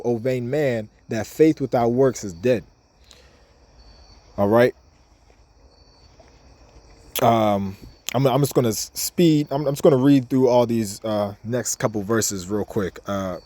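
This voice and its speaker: This bible teacher has a mid-range, darkish voice on a dry recording. His scripture lesson is casual and repetitive, with verses read aloud and interspersed with his remarks.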